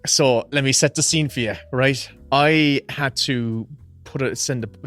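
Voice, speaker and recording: Telling a story with gusto, an Irish man co-hosting a podcast laughs and swears a lot in a casual chat. He has a mid-range, fairly bright voice and takes his time, while faint music sits behind him.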